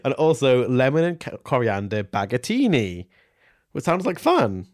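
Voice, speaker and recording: A man's voice: medium pitch, normal speed. A man co-hosting a podcast, chatting casually, joking and asking his co-host questions. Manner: relaxed, joking, asks questions. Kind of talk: casual chat.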